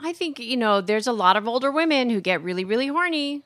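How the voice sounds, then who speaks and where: A woman's voice: a little high, expressive, fast, fairly bright tone, no echo, clean studio sound. A woman co-hosting a talk radio show, teasing and bantering playfully. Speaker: radio co-host.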